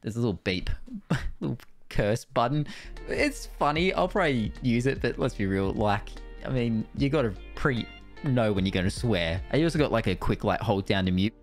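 A young Australian man reviewing his streaming gear in a casual, excited way, swearing freely, on a studio mic in his streaming room. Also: medium pitch, a little fast, faint music behind. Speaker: Twitch streamer. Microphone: studio dynamic mic.

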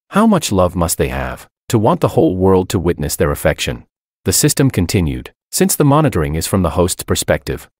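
A man calmly reading a first-person story as its narrator. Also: low voice, no echo, studio quality.

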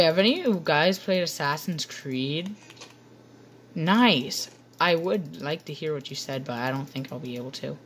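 A woman's voice: low-pitched, fairly bright tone, slight background noise. A woman giving playful, rambling commentary over gameplay to her viewers on a computer microphone. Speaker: gaming channel host.

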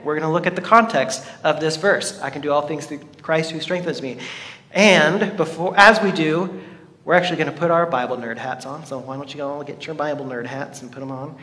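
Bright-voiced man preaching in a hall. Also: high-pitched. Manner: playful, jokey, talks to the congregation. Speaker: pastor. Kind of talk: sermon. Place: church hall. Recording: reverberant hall.

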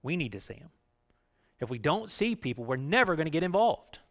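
A man's voice: very animated, a little fast. Man preaching with frequent "right?" asides. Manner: swings between raised emphatic lines and low quiet ones. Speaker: pastor. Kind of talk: sermon.

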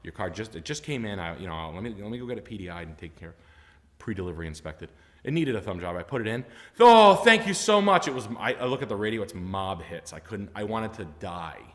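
A man telling a story in a casual, animated and rambling way, with lots of fillers and swearing. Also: low-pitched, quick pace. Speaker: storyteller recounting his car sales job. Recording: roomy reverb.

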